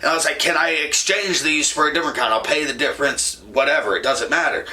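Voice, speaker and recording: A man's voice: on the high side, fast talker, pushed and bright. Profane laughing man telling a story. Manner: rambling, profane, laughs often. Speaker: podcast host. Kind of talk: casual storytelling.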